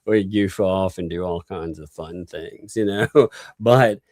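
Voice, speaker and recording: Slow, low-voiced man rambling on a live stream. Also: a little mellow, no room sound. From Southern United States. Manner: rambling, laughs often, restarts sentences. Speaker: YouTube commentary host. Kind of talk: casual live-stream commentary.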